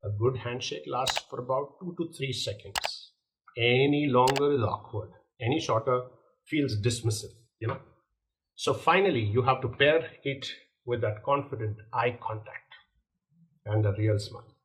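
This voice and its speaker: A man's voice: mid-range voice, normal speed, rough recording. Man coaching on confident first impressions. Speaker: leadership coach. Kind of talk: scripted instructional monologue.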